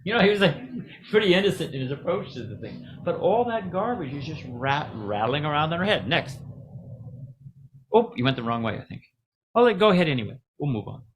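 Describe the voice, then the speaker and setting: A middle-aged man giving a casual, joking spiritual talk, pausing to ask the audience questions. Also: a little high, sing-song, slight background noise.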